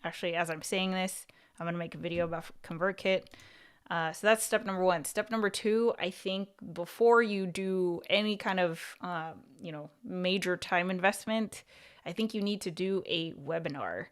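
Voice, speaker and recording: A woman's voice: on the low side, moderate pace, smooth. A woman hosting a livestream and giving casual advice, talking in a chatty way that is full of "like" and "you know" and restarting her thoughts. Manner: restarts and repeats words mid-thought. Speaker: YouTube coach and livestream host.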